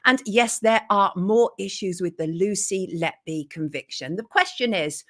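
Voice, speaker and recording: A woman's voice: mid-range voice, measured pace, a bit bright. A woman hosting a live morning show, chatting and greeting viewers by name. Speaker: host.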